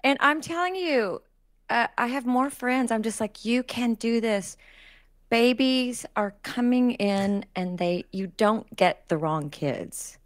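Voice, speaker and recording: A woman's voice: fairly high pitch, lively intonation, takes it slowly, no room sound. A woman in her forties speaking candidly and reflectively as an interview guest.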